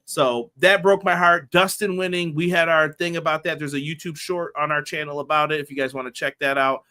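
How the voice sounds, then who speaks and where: Young male podcast co-host, bright and lively, chatty, acts out what people said. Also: fairly high pitch, fairly quick. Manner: animated storyteller, acts out quoted dialogue. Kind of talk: casual chat.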